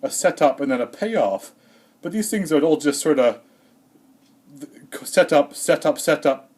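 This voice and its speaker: A man doing a rambling, deadpan comedic monologue in character as Santa, hesitant and full of fillers, a little out of breath. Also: on the high side, measured pace. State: slightly out of breath.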